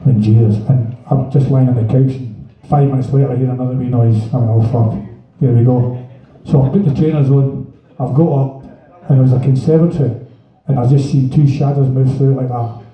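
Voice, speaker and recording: A man's voice: mid-range voice, fairly even intonation, fairly quick, dark tone. Swearing man in an echoey hall. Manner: swearing, rambling, laughing mid-story. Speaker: guest storyteller. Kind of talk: live stage anecdote. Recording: echoey hall from far off, dull, crowd.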